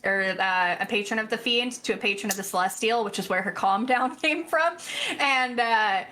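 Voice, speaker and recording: A woman with a bright, slightly high voice chats about her tabletop game characters. She sounds upbeat and eager, with a faint noise under her voice. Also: moderate pace. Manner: upbeat, enthusiastic. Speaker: player. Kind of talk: casual chat.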